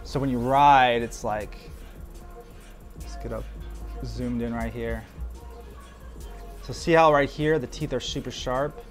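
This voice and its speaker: A man giving casual how-to commentary while he airbrushes, relaxed and loose, saying "like" and "man" a lot. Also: medium pitch, slow, long pauses, soft background music. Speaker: airbrush artist.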